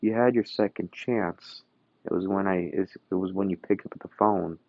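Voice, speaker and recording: A man's voice: low voice, no echo. Izuku, as a man voices him, a cold arms-dealing boss. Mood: menacing. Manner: calm, threatening, deliberate. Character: menacing male arms dealer crime boss, cold. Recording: dull, dry recording.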